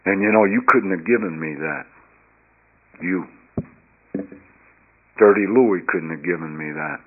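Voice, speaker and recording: A man with a somewhat low voice shares his recovery story as an earnest personal testimony. He moves between hushed, quiet stretches and loud, emphatic passages. The recording sounds dull and lo-fi. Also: unhurried. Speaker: speaker sharing his recovery story at a recovery meeting.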